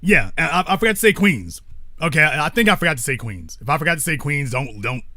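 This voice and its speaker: A man's voice: a little high, big pitch swings, fast talker, pushed and bright, no echo, clean studio sound. A man hosting a call-in talk show, speaking bluntly with profanity and stopping to correct himself.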